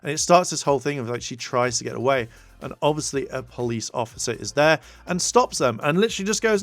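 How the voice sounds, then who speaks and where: Guy chatting through an episode recap, rambly with tons of fillers, mid pitch, dry sound, soft music behind. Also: expressive, quick pace, no room sound. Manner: rambling, many fillers, acts out quotes. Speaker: TV show reviewer.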